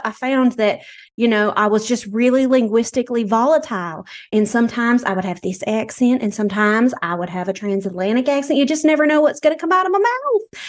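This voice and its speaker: A woman's voice: a little high, natural voice. A woman voicing an eccentric female researcher who founded a bogus institute, telling her story in a rambling, mock-earnest way. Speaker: podcast guest. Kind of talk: improvised comedy character.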